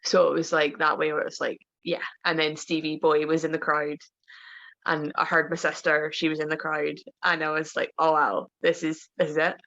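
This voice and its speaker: A woman's voice: low voice, monotone, moderate pace, gravelly, fairly bright tone, muffled recording. A woman wrestler, a podcast guest, telling stories in casual chat and laughing often.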